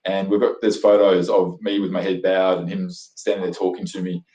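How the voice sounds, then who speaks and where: An Australian man, guesting on an interview, tells his story in a low, warm voice that runs a little fast with a flat delivery. He's enthusiastic and rambling, full of fillers and restarts, in animated conversational storytelling. The room gives a noticeable echo.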